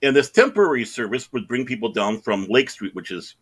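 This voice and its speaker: Man, middle-aged, casual podcast chat, bright, pitch jumping around, rambling anecdotes. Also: brisk, breathy edge. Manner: rambling, animated anecdotes with self-quotes and laughs. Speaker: podcast co-host.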